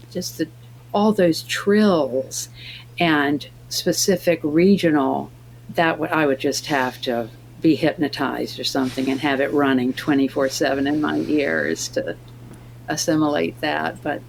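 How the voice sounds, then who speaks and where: A woman, an actress, talking as a guest in a remote interview and telling stories in a lively way, acting out the lines of the people in them. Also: deep voice, creaky, a little hiss or hum. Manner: animated storyteller acting out dialogue.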